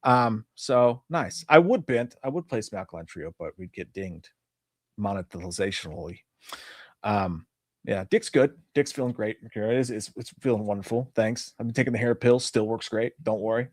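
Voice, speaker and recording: A man's voice: on the low side, lively intonation, normal speed, no room sound, clean studio sound. Rambling, swearing man on a live stream. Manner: rambling, swears freely, laughs often. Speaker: podcast co-host. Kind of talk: casual live-stream chat.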